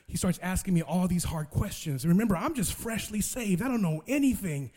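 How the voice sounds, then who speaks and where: Young male preacher, high voice, animated storyteller acting out voices, banter with the crowd. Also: fairly quick, hardly any pauses. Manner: animated, acts out dialogue, playful asides to audience. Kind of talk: sermon storytelling.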